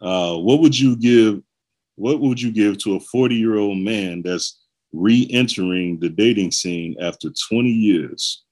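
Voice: low voice, unhurried, darkish tone, poor audio. A co-host in casual chat, reading listener questions aloud and giving brief reactions.

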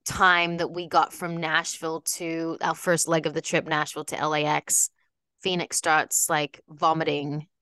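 An Australian woman co-hosting a podcast chats casually, rambling with many fillers and restarts. Her voice sits low with little pitch movement, and she speaks at a measured pace in a sharp, clean tone. The recording is dry.

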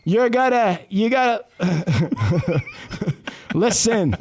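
Bossy high-voiced man. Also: sing-song, very slow, darkish tone. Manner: bossy, cursing, laughing. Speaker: director of a mock podcast. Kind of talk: rowdy banter.

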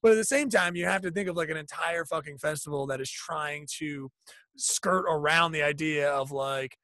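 A man's voice: a little high, normal speed, sharp tone, dry recording. A man chatting casually as a podcast guest, rambling and swearing freely. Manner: rambling, profane, puts on goofy voices.

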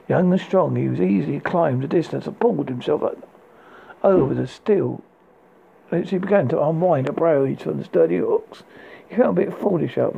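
A man reads a dark fairy tale aloud, stumbling over words and restarting lines. His voice is gravelly and husky, a little high for a man. The recording is tinny and phone-like. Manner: halting read with restarts. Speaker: audiobook narrator.

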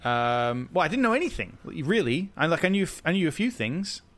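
A man's voice: fairly high pitch, very animated, fairly quick. A man co-hosting a casual podcast conversation. He rambles along with frequent fillers and restarts, in an easygoing chatty way. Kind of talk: casual chat.

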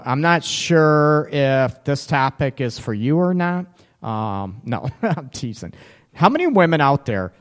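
Teasing, lively male live-show host. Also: medium pitch. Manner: teasing, laughs often, reads out chat comments. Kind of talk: casual live-stream chat. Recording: echoey room with long reverb.

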